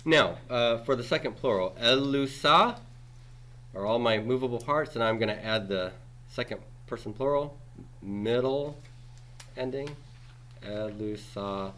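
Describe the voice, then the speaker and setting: A man's voice: mid-range voice, a little slow, fairly bright tone. A man in his forties teaching a Greek grammar class, patiently explaining and checking in with students with "okay?" and "right?". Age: 40s. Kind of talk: classroom lecture.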